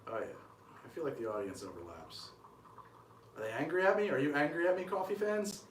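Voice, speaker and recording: A man's voice: fairly high pitch, lively intonation, brisk, reverberant, distant mic, background noise. A man hosting a cocktail show, chatting casually on a live stream as he makes a drink, with rambling, self-deprecating asides.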